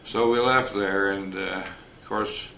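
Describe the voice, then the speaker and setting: An older retired wildlife officer telling folksy stories in an interview, acting out the voices of the people in them. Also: male voice, deep voice, fairly even intonation, slow, bright, forceful tone. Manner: folksy, anecdotal, acts out quoted dialogue. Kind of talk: storytelling interview. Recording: roomy recording with faint noise.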